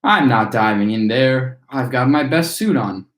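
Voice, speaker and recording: A man voicing a stuffy, unbothered father with a low, dry delivery, in an echoey room. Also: animated, measured pace, fairly bright tone.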